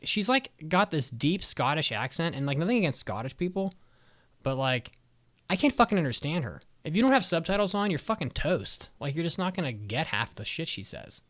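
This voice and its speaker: A man's voice: a little high, a bit bright. Blunt, profane man rambling on a podcast. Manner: blunt, profane, lots of "like" fillers. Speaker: podcast co-host. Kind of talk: casual chat.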